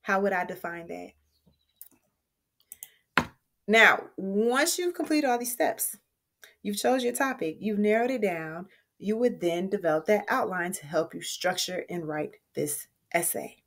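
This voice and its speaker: A woman's voice: mid-range voice, expressive, measured pace, fairly bright tone. A woman teacher giving a recorded writing lesson in a friendly, conversational way, explaining step by step.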